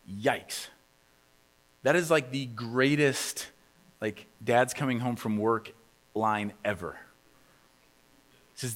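A man's voice: mid-range voice, slow pace, long pauses, fairly bright tone. A man preaching a casual teaching sermon, conversational and emphatic, acting out quotes with a raised voice.

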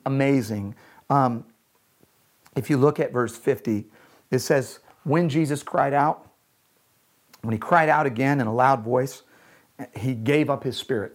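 A pastor of medium pitch delivers a sermon earnestly. He often slows down and lowers his voice to something soft and quiet on the key lines.

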